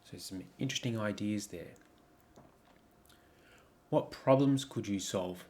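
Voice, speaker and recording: A man with a fairly low voice gives a coaching presentation over slides. He talks reflectively, putting question after question to the listener and pausing on frequent ums and restarts. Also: darkish tone. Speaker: life coach.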